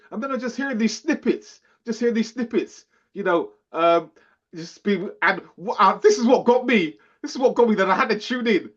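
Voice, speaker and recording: Animated man, slightly high voice. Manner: animated, laughing, acts out quotes. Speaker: podcast co-host. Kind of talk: casual chat. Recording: dull lo-fi sound.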